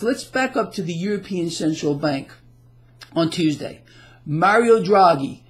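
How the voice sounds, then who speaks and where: A man's voice: sits high, a little mellow. A man delivering heated solo market commentary, agitated and emphatic, often repeating himself as he rants.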